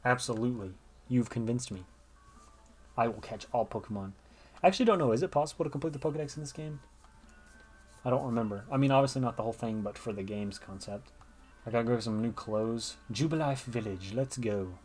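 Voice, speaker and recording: A man's voice: medium pitch, animated, fast, darkish tone, breathy edge, soft background music. A man giving chatty gameplay commentary, thinking aloud as he plays. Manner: chatty, thinks aloud, reads game dialogue. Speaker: gamer.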